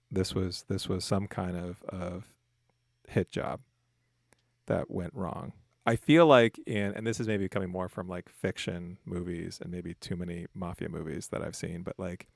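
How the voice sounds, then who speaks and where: Low gravelly man, podcast co-host. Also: dry recording, clean studio sound. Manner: speculative, trailing off into soft asides. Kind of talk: casual chat.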